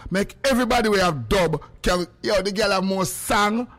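A middle-aged man with a Jamaican accent, chatting casually as a radio host in patois, now and then breaking into song or a shout. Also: high voice, normal speed, faint music behind. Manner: patois, animated, bursts into singing and shouting.

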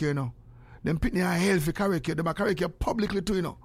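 Older jamaican guy chatting and praying, voices the people he quotes, slightly high pitched. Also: fast. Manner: animated, acts out quoted exchanges. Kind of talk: casual storytelling and prayer.

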